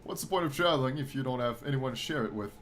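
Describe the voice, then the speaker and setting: A man's voice: medium pitch, fast, fairly bright tone, slight background noise, lightly acted. A man reading as a matter-of-fact robot shark girl. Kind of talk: reading a text adventure aloud.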